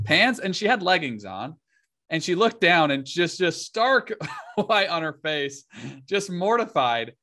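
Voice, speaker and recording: A man's voice: a little high, pushed and bright, no echo, studio quality. A man co-hosting a podcast, telling casual stories and often laughing as he talks. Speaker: podcast co-host. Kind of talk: casual chat.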